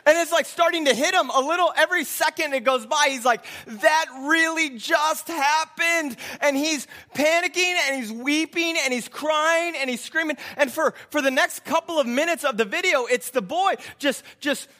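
A man's voice: very high voice, a little fast, few pauses, bright, forceful tone. A man preaching a sermon, telling a story in an earnest, reflective way and often repeating his words.

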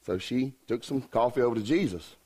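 A man's voice: medium pitch, fairly quick, mellow, breathy edge. A man, a revival preacher telling a joke story in a folksy, joking way. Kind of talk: humorous sermon storytelling.

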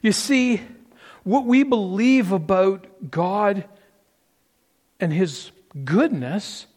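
A man's voice: high-pitched, extremely slow, a little mellow, long reverb tail. A man preaching a conversational sermon, asking the listeners rhetorical questions and often restarting his sentences. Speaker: pastor.

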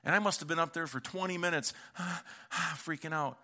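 Guy preaching, casual and chatty, slightly high bright voice, acts out the quotes in his stories. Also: normal speed. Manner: animated storytelling, acting out quoted voices; conversational, with casual slang and repeated words. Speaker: pastor. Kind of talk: sermon.

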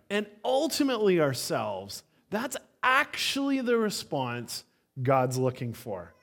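Male pastor, sermon delivery, conversational and story-driven, a touch high-pitched. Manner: conversational storytelling with frequent fillers. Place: church.

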